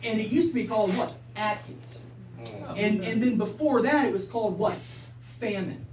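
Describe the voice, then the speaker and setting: A man's voice: high-pitched, normal speed, a little mellow, slight background noise. A man performing a stand-up comedy set in a small club, stammering and repeating words in a self-mocking way, with the audience laughing behind him. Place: small improv club stage. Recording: roomy live club sound from far off.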